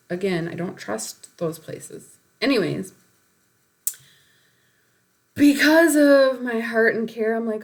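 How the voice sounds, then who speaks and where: A woman's voice: fairly high pitch, slow, pauses often. A woman telling a personal spiritual story in a rambling way, with many fillers and short laughs.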